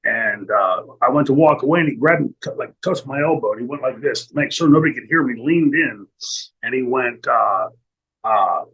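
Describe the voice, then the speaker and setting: A middle-aged man telling a profane, animated backstage story as an interview guest, acting out other people's lines. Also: medium pitch, normal speed, breathy edge, dull audio. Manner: animated, profane, acts out quotes.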